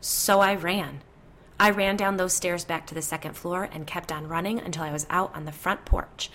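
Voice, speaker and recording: A woman reading a first-person ghost story aloud in a measured storytelling voice. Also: on the low side, steady tone, fairly bright tone. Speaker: narrator.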